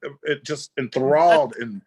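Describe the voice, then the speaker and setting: A man's voice: medium pitch, moderate pace, a little mellow, slightly rough. A man co-hosting a casual talk show, telling jokey, self-deprecating anecdotes.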